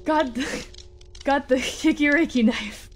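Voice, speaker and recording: A woman's voice: sits high, a little slow, faint music behind. A woman streaming a game live, flustered and laughing as she thanks viewers and protests their donations. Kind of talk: live gaming stream chat.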